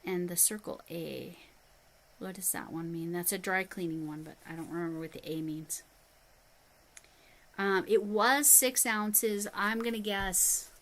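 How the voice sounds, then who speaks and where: A woman's voice: lowish voice, fairly bright tone, poor audio. A middle-aged woman chatting casually on a livestream. She talks straight to her viewers, reads their comments aloud and thanks them, all while handling and describing yarn. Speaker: livestream host.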